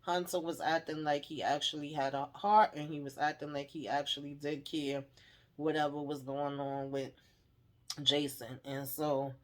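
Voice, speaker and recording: A woman's voice: sits low, little pitch movement, moderate pace. A woman hosting a casual TV episode recap, chatty and emphatic, often tagging on "okay?" and "you know". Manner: laughs while retelling. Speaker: TV recap host.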